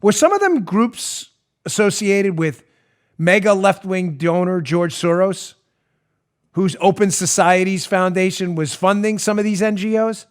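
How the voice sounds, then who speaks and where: A male podcast host delivering an emphatic, sarcastic opinion monologue. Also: high voice. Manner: emphatic, sarcastic, animated ranting. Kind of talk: opinionated talk show monologue.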